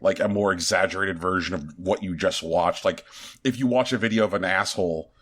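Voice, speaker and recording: A man's voice: low-pitched, fairly quick, a bit bright, breathy edge. A man co-hosting a podcast, rambling a bit as he searches for his words. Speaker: podcast co-host. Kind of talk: casual podcast chat.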